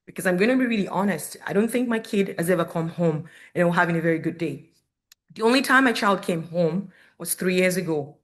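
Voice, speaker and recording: A woman's voice: lowish voice, expressive, a little fast. A woman in her thirties, a parent speaking at a community forum, giving candid, earnest personal testimony to an audience. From Canada. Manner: earnest, candid, storytelling with quoted dialogue.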